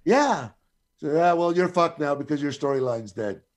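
Animated profane man telling a story. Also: on the high side, normal speed, noisy background. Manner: profane, animated, acts out quoted voices. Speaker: guest storyteller. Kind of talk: casual anecdote telling.

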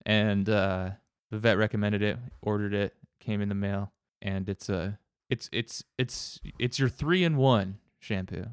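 A man with a low, resonant voice chats casually as a podcast co-host. He rambles with halting restarts and dry jokes. The sound is close and dry. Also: clean tone, no echo. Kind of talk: casual chat.

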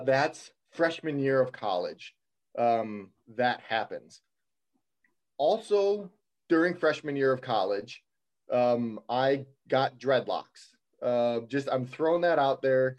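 A man's voice: medium pitch, darkish tone. A young man telling a personal story on a podcast in a casual, rambling way, with fillers and wry humor. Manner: rambling, self-deprecating humor, many fillers.

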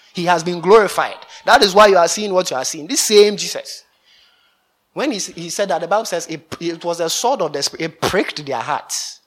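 A man preaching a lively sermon, laughing often between lines. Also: a little high.

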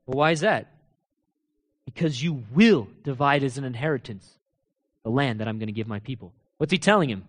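A man preaching a sermon, asking rhetorical questions and swinging between loud proclaiming and low, quiet emphasis, with casual asides to his listeners. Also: lively intonation, brisk, pauses often. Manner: laughs and talks casually to the congregation.

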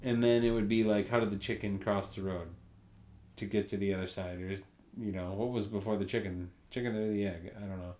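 A man's voice: on the low side, fairly even intonation, fairly quick, dark tone, reverberant. A young man hosting a solo podcast, telling rambling, profane stories with laughs in between. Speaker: podcast host. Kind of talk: casual solo podcast chat.

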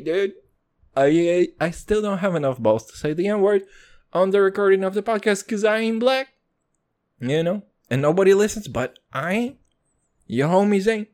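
A young man from Israel hosting a casual solo podcast, rambling and joking with constant swearing and sudden pitch jumps. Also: a little mellow. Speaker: podcast host.

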